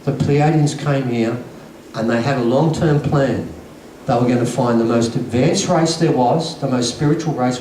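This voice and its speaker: A conference speaker tells stories during an earnest, emphatic lecture, his mid-range voice carrying a darkish tone. The recording is echoey, made from a distance in the hall, with slight background noise.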